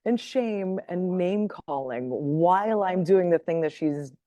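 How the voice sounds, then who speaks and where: A woman with a low, warm and mellow voice tells a personal story as a podcast guest. She is animated, laughs often and keeps checking in with her listener. The recording is dry and close, with no room sound. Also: slow pace, no room sound. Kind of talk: casual storytelling in conversation.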